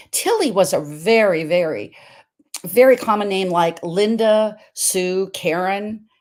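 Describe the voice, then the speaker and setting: A woman in her seventies from Montana, hosting a virtual health event with an inspirational talk, emphatic and repetitive, swinging her pitch and volume. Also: darkish tone.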